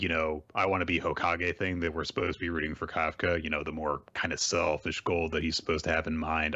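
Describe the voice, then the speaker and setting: A deep-voiced man on a muffled recording co-hosts a podcast. He recaps a manga in a casual, animated, rambling way with lots of fillers.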